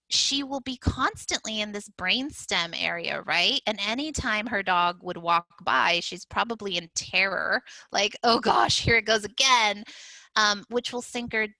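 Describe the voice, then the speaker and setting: A woman's voice: medium pitch, pushed and bright, no echo, low-quality recording. A woman educator giving a conversational parenting talk, with frequent fillers and restarts. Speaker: early childhood educator.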